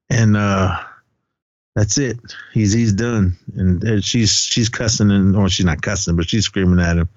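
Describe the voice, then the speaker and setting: A man's voice: sits low, steady tone, normal speed, darkish tone, dry recording, muffled recording. A man co-hosting a podcast, recapping a film in casual chat, acting out lines loosely and laughing often. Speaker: podcast co-host.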